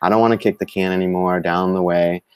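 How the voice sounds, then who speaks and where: A man co-hosting a live-streamed talk show, speaking in a halting way with many fillers and restarts. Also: deep voice, steady tone, a little mellow, clear, resonant tone, no echo. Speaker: co-host. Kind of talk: live-streamed casual discussion.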